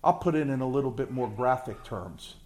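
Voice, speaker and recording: A male pastor preaching a sermon with passion, swinging from loud surges to hushed, drawn-out words. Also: mid-range voice.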